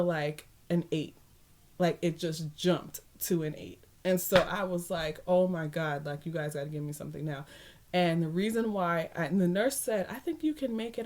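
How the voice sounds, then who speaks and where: A woman's voice: on the low side, a little mellow. A young woman vlogger telling a personal story in a casual way, laughing often and acting out the voices of people she quotes.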